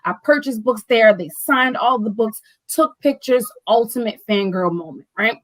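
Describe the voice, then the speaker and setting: A woman who owns a bookstore, telling a story in casual chat, animated and full of "like" and "right?". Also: fairly high pitch, moderate pace, slight background noise, poor audio. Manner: animated storyteller, acting out quoted dialogue; fills speech with "like" and "right?". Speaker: bookstore owner.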